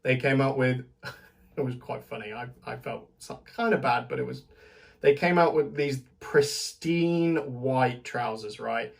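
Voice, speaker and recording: A man's voice: mid-range voice, a little slow, creaky. A British man giving a casual, rambling spoken recap to camera, chatty, laughing often and restarting his sentences. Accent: British English. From Britain. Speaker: vlogger.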